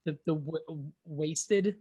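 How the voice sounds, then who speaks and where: A man's voice: a little high, very slow, dark tone, slightly rough, dry recording, lo-fi sound. A man co-hosting a podcast in casual chat, trading sarcastic jokes. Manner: sarcastic joking banter. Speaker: podcast co-host.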